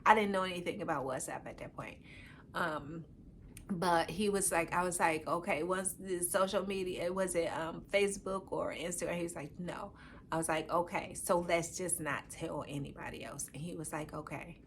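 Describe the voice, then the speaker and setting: Animated woman telling a story. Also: fairly low pitch, moderate pace, a little hiss or hum. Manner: animated, acts out quoted dialogue, frequent "I'm like". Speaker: podcast co-host. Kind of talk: casual storytelling.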